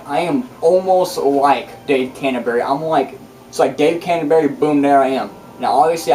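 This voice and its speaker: A man rambling through a casual vlog monologue, boastful and profane, full of restarts. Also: on the high side. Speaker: channel host. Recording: distant mic with loud music behind.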